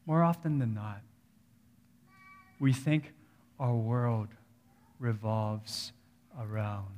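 A man in his thirties preaches in a church sanctuary, his fairly high voice carrying through a long hall reverb. He talks slowly and plainly, repeats his key phrases and drops to quiet low asides before rising again to raised emphatic lines. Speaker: pastor. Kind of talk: sermon.

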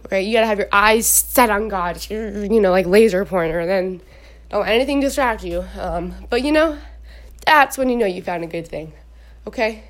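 A young woman casually talking to her viewers at home about faith and dating, chatty and animated. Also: medium pitch, moderate pace. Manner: chatty, animated, talks to her dog between points. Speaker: Christian advice vlogger. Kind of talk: casual faith talk to camera. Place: at home indoors.

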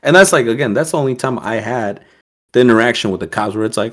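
A young man guesting on a podcast tells a story in a casual, profane, animated way, acting out the voices of the people in it. He talks fast in a lowish voice.

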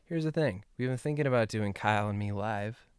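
A man's voice: fairly low pitch, brisk, clear, resonant tone, dry recording, clean studio sound. A young man co-hosting a podcast, teasing his friend in casual banter. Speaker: podcast co-host. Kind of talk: casual chat.

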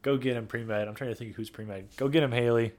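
Young male podcast host, playful and jokey, mid-pitch. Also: steady tone, fast, a little mellow. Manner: joking, laughs often, playful sing-song riffs. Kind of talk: casual chat.

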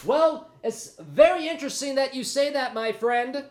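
A man's voice: very high voice, normal speed, darkish tone. A man hosting his own podcast alone, rambling and joking at his own expense, a bit winded. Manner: rambling, jokey, self-mocking. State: out of breath. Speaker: podcast host. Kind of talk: casual solo podcast chat.

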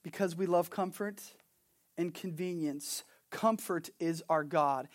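A man preaching a sermon as pastor, swinging from animated storytelling to hushed, earnest points. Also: on the high side. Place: Hawaii.

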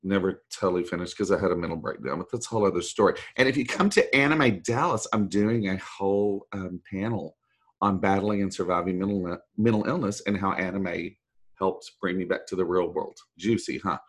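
A middle-aged man, a voice actor guest telling a long story in a rambling, animated way and acting out the people he quotes. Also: low-pitched, brisk, slightly rough. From Texas. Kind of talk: storytelling anecdote.

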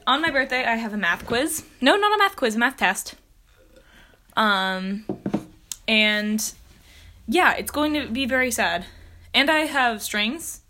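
A woman's voice: a little high, lively intonation, measured pace, pauses often, bright, forceful tone, slight background noise. A teenage girl co-hosting a podcast in casual chat, bubbly, joking and self-assured. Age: teens. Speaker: podcast co-host.

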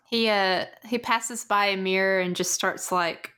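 A woman co-hosts a podcast, talking about a film in a loose, animated way. She keeps laughing and jumps into the characters' voices as she tells it. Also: medium pitch, a little slow, smooth. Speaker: podcast co-host. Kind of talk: casual movie chat.

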